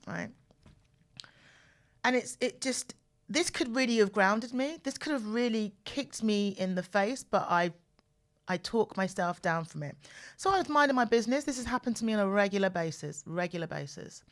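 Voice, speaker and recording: A woman in her forties hosting a podcast, telling personal stories in an animated way and repeating phrases for emphasis, close to the mic. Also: mid-range voice. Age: 40s. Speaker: podcast host. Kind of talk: personal storytelling monologue. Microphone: mic close to the mouth.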